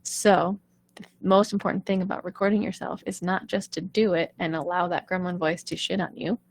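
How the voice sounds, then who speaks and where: Woman coach with a gravelly vocal fry. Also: lowish voice, flat delivery, fairly quick, a little hiss or hum. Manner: earnest, conversational, often asks "right?". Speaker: singing coach. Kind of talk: live online coaching talk.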